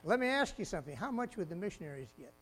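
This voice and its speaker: High-voiced animated male preacher. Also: very fast. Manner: animated, swings from loud exclamations to quiet asides, laughs often. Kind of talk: sermon. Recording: mains hum behind the voice.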